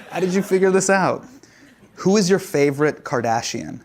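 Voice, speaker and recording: A man answering audience questions in a casual comedic Q&A, animated and joking, laughing often. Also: fairly high pitch, normal speed, noisy background.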